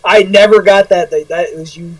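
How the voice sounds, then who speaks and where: A man co-hosting a casual podcast, joking around and cursing freely. His voice sits a little high and sounds set back from the microphone in a dead, dry room. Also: steady tone, moderate pace, dry recording, recorded from a distance, poor audio. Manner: joking, swears a lot. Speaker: podcast co-host. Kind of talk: casual banter.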